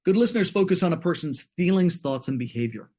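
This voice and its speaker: A middle-aged man teaches in a webinar, giving a conversational training talk and animatedly acting out examples of dialogue in different voices. His voice sits high and he talks fast.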